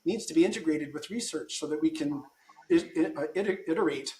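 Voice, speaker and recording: Male guest, slightly high voice, conversational, keeps restarting his thoughts, roomy echo around him. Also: brisk, darkish tone, a little hiss or hum. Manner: thinking aloud with frequent restarts. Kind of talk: casual conversation.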